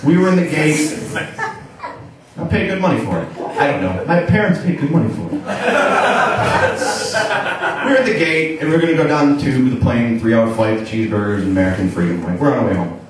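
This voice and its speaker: A man's voice: medium pitch, animated, fast talker, noisy background. A young man doing a stand-up set on a club stage, talking in a loose, rambling way full of "like" and swearing. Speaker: stand-up comedian. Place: comedy club stage, live show. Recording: echoey club taped from far off, audience laughter.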